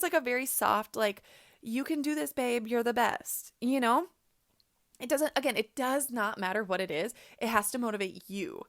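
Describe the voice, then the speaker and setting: A young woman talks through her podcast in a loose, chatty way, dropping "like" all over and breaking into animated asides. Her voice sits a little high. The sound is dry and close, with no room around it. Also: dry recording. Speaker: podcast host and coach. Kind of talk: casual podcast monologue.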